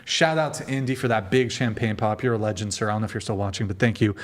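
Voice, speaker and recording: A man's voice: lowish voice, quick pace. Joking male talk show host. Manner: joking, animated, puts on silly accents.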